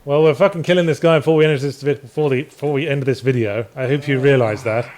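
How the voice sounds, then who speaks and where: A man chatting casually while playing a video game, telling jokes in a rambling, halting way full of restarts. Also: mid-range voice, fairly even intonation, a little mellow. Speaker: co-host. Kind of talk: casual let's-play chat.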